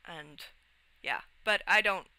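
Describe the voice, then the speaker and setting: Bright, crisp rambling young streamer. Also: mid-range voice, takes it slowly, dry recording, low-quality recording. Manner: rambling, with frequent restarts and swearing; laughs often while talking. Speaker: livestreamer. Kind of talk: casual livestream chat.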